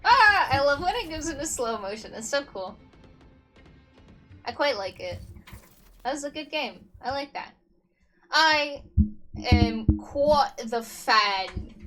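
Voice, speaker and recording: A woman's voice: high voice, very animated, normal speed, pauses often, sharp tone, soft background music. A woman streaming a shooter game, chatting casually and mocking her own play, with the odd swear. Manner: chatty, self-deprecating, swearing. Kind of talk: casual gameplay commentary.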